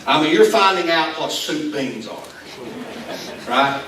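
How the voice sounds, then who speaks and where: A man's voice: on the high side, lively intonation, a little slow, background noise. A man with an Appalachian Southern accent preaching a conversational sermon, telling rambling self-deprecating stories with many restarts. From Appalachian Kentucky. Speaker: pastor. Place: school venue used as church hall. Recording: echoey room from far off.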